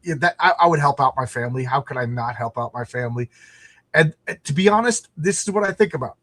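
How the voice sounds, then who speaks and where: A middle-aged podcast host talks quickly in a mid-range voice, free of echo. Keeping the chat casual, he narrates stories with animation and acts out the quotes.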